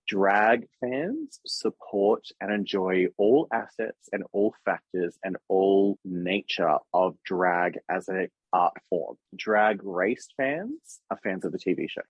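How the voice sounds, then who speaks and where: A man's voice: deep voice, unhurried, few pauses, husky, no echo. An Australian man chatting on a podcast, opinionated and emphatic, talking in long runs. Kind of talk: casual chat. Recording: dull lo-fi podcast mic.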